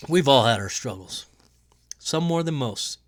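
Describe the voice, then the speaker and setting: A man's voice: medium pitch, lively intonation, measured pace. A man hosting a casual solo sports podcast from home, with a nasal voice and a rambling, profane way of talking. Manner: rambling, profane, laughs at own jokes. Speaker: podcast host.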